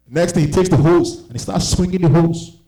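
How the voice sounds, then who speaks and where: Animated male stand-up comic, roomy sound. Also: sits high. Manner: animated, acts out voices of people in his stories. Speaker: stand-up comedian. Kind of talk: stand-up comedy storytelling. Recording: roomy echo.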